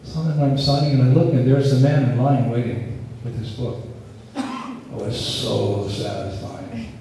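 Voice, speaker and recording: A man giving a scripture lecture at a festival, telling a story in an unhurried, earnest way with quoted dialogue. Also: medium pitch, warm tone, slight background noise. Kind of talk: storytelling sermon. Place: festival lecture venue, distant mic. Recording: echoey hall, speaker far from mic.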